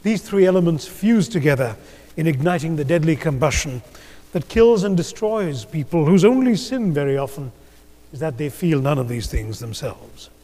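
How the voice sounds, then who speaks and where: A man from India giving a measured, rhetorical conference speech with gentle humor in a large auditorium. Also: a little high, animated. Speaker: keynote speaker. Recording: long hall reverb.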